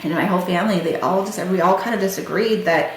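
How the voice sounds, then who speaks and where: A woman's voice: lowish voice, quick pace, a little hiss or hum. A woman hosting a podcast, retelling a hard personal story in a conversational, emotional way, recounting past conversations with many fillers. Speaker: podcast host. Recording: very echoey room.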